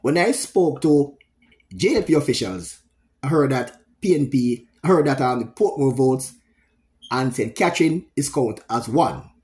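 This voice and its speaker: A man's voice: mid-range voice, lively intonation, darkish tone. Middle-aged Jamaican man, solo commentator, emphatic and repetitive. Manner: emphatic, repetitive, pausing often. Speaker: political commentator. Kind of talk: solo political commentary video.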